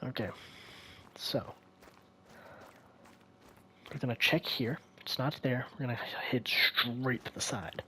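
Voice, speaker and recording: A young man narrates his gameplay in a loose, rambling way, thinking aloud and often sinking into a hushed tone. His voice is sharp and bright, with faint noise underneath. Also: medium pitch, fairly even intonation, slow pace, long pauses. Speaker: gaming video creator. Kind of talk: casual gameplay commentary.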